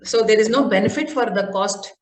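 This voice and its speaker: A woman with an Indian English accent speaks as a guest in a podcast interview. She explains things step by step, pausing often on "uh". Her voice carries a noticeable roomy echo. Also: mid-range voice. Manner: explains step by step with many "uh" fillers. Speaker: guest, mountaineer and marathon runner.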